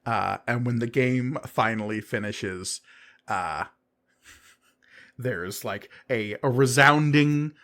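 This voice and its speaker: A man narrating a tabletop game as game master, relaxed and rambling. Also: mid-range voice, slow pace.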